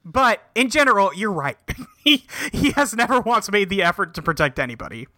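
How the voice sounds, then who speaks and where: A man's voice: sits high, big pitch swings, fairly quick, sharp tone, no echo. A man casually recapping an episode with a co-host, rambling with many ums and acting out the characters' lines. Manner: rambling retelling with many ums and quoted dialogue. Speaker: podcast co-host.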